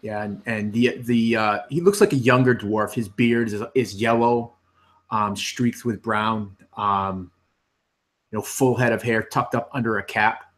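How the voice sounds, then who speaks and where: A man narrating as game master for a tabletop game, slow and halting with many fillers. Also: on the low side, fairly bright tone.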